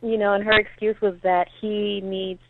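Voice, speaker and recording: Woman caller, voicemail rant, frustrated and animated, thin phone-line sound. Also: mid-range voice, normal speed, creaky. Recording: tinny phone line with faint hiss.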